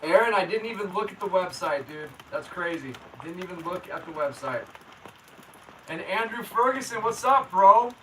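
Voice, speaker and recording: A man with a high, very bright voice hosts a casual livestream from home. He talks to his viewers in a laid-back, slangy way and reads their comments aloud. The mic sits a little away from him, and faint noise runs underneath. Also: lively intonation, normal speed, recorded from a distance, poor audio. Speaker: local weather livestream host. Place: indoors at home.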